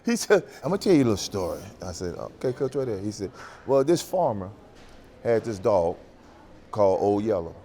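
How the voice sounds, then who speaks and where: A man's voice: lowish voice, big pitch swings, fairly quick, warm tone, slight background noise. A man in his sixties telling stories in a roundtable chat, laughing and acting out dialogue. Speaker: former running back.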